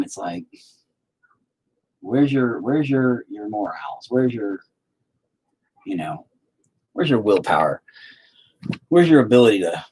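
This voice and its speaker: A man's voice: fairly low pitch, a little mellow, slight background noise, rough recording. A man talking casually to the camera in a joking, profane, sidetracked monologue while he paints. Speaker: video creator.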